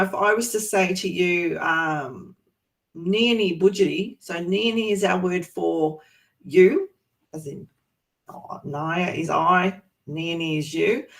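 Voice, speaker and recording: A woman's voice: on the low side, a bit bright. An Australian woman from Sydney, a language teacher giving an online presentation and explaining patiently with frequent ums. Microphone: video call.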